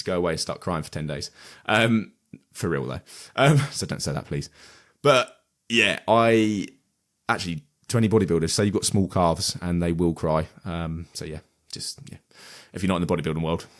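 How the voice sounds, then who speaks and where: A man in his twenties hosting a podcast, talking through a personal story in a reflective, hesitant way with many fillers and restarts. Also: low voice. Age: 20s. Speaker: podcast host. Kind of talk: personal monologue.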